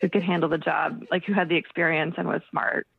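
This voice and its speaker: A woman's voice: low voice, fairly even intonation, fast, vocal fry. A woman taking an unexpected phone call, polite but flustered and incredulous. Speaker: prank call target. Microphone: phone line. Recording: dull phone line.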